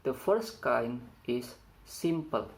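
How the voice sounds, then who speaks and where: Young male student, first language Indonesian, unhurried lesson read, gravelly edge, faint hiss behind. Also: mid-range voice, animated, low-quality recording. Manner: slow, careful reading with stumbles over phrasing. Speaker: student presenter. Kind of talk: read classroom presentation.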